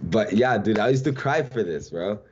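A man's voice: fairly low pitch, lively intonation, moderate pace, a little mellow, slight background noise. A young man talking as a podcast guest, laid-back and casual, calling the host bro. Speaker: guest, social media creator. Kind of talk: casual interview chat. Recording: dull lo-fi sound.

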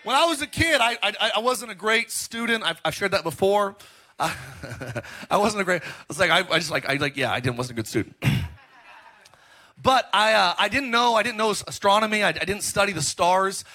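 A middle-aged man preaching a sermon as pastor, telling stories in an animated, joking way. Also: sits high, moderate pace. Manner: animated, joking storytelling with laughs.

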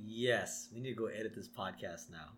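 A man co-hosting a podcast, casually recapping a cartoon episode and often trailing off quietly. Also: on the low side, moderate pace, a little hiss or hum. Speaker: podcast co-host.

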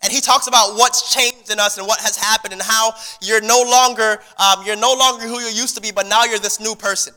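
A man's voice: sits high, steady tone, fairly quick, few pauses, sharp tone, in a large hall, soft background music. A man preaching a sermon to his congregation in a conversational style, repeating words and restarting phrases as he goes. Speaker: pastor. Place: church sanctuary.

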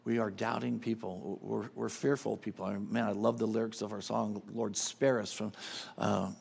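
A man's voice: fairly low pitch, level tone, moderate pace, creaky, darkish tone, husky. A middle-aged man preaching a sermon as a guest speaker, emphatic and casual, often repeating his phrases.

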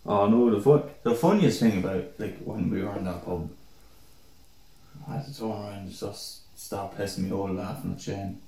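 Young guy, podcast co-host, jokey, swears, mellow voice. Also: lowish voice, normal speed, roomy sound, recorded from a distance, low-quality recording. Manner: chimes in with jokes, swears. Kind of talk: casual chat.

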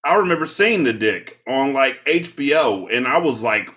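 Animated, bright-voiced podcast host. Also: male voice, medium pitch, moderate pace. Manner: animated, retells scenes with funny voices. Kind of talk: casual chat.

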